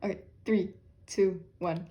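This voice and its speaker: A young woman chatting casually while unboxing albums, excitable and quick to squeal and laugh. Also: on the low side, highs cut off, heavy background noise.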